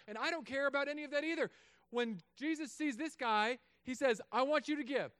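A man, a pastor, preaching a sermon in a casual joking way, moving between quiet asides and loud emphatic stretches. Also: very high voice, dry recording. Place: church.

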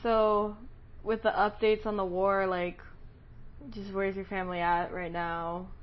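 A woman's voice: mid-range voice, flat delivery, unhurried, muffled recording. A woman interviewing a guest, listening attentively and asking questions with frequent short affirmations. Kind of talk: casual interview.

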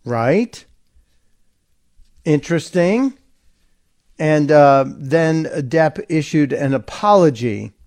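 Man, talk radio host, fairly high voice, sarcastic monologue, mocking asides. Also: very slow, pauses often. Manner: sarcastic, animated commentary with mocking quotes.

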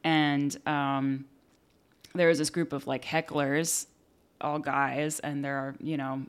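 A young adult woman candidly telling a personal story in an interview, casual and swearing, animated when quoting people. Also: deep voice, slow, clear, resonant tone. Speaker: interview guest.

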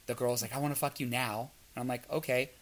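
A man's voice: mid-range voice, fairly even intonation, fast, a little hiss or hum. A man telling a frank story in casual chat and acting out the dialogue as he goes. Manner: storytelling, acts out quoted dialogue.

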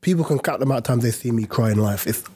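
A man's voice: mid-range voice, very fast, breathy edge. A man, chatting casually with friends, joking and slangy. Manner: joking, slangy, animated storytelling. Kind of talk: casual group chat.

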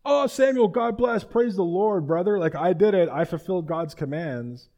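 A man's voice: animated, moderate pace, dark tone, lo-fi sound. A man putting on a fawning, pious king. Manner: high, eager, overly pious tone. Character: fawning, self-justifying male king.

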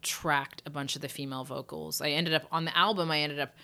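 A woman with a low but bright, forward voice talks loosely as a singer guest in a relaxed interview. She rambles with fillers and restarts and sometimes mimics how she would phrase a line. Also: fast talker, gravelly. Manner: chatty, loose, full of "like" and restarts, acts out phrasings. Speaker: singer and session musician, guest. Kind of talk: casual interview chat.

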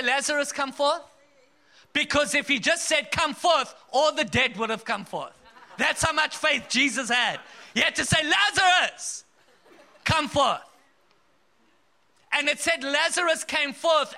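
A man's voice: very high-pitched, pushed and bright. A man from South Africa preaching a sermon, emphatic and storytelling, with bursts of laughter.

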